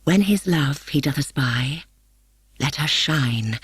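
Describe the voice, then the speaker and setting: A commanding male fairy king speaks in slow, deliberate measures, voiced by a woman reading a storybook. The voice sits low for a woman, dark and grave, and sounds dry and close with no room around it. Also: lively intonation, husky, dry recording, heavily acted. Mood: hushed.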